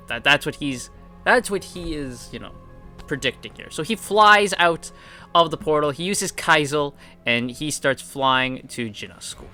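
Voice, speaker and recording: A young man walks through comic chapters in a loose, chatty recap, dropping fillers and bouncing his pitch to act out the characters. His voice sits a little high and sounds bright and forceful. Faint music plays underneath. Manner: animated retelling with frequent fillers, acting out quotes in different pitches. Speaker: manhwa reviewer.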